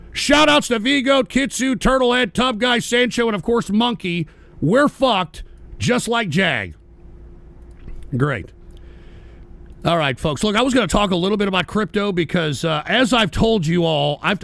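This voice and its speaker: A man hosting a livestream, delivering a profane, sarcastic political rant that often breaks into shouting. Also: sits high, creaky, no room sound. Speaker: livestream host.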